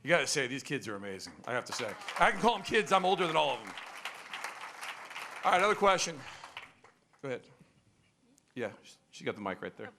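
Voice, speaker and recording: A man's voice: medium pitch, very animated, fast talker, pauses often, bright, forceful tone, a faint crowd, a little hiss or hum. A man running a press conference and calling on reporters. He speaks in an upbeat, emphatic way. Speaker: campaign manager hosting a press conference.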